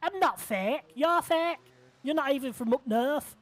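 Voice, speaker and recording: Guy putting on a loud eager young driver, keyed up and higher than usual. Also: lively intonation, unhurried. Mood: excited. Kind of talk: game role-play.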